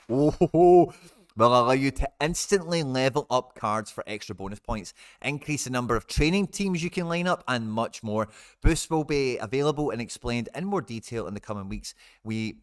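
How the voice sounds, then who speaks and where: Male live-stream host, smooth low voice, close dry sound, chatty with asides. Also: no echo. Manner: chatty, reads announcements aloud with asides and laughs. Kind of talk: casual live stream commentary.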